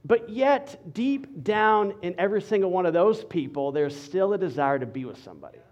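High-voiced playful preaching man. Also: moderate pace, highs cut off. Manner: playful, animated preaching with laughs. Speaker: pastor. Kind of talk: sermon with humor.

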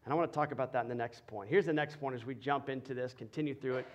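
A male pastor preaching a sermon, building from quiet explanation to loud, passionate emphasis. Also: medium pitch, rapid-fire, hardly any pauses. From Texas.

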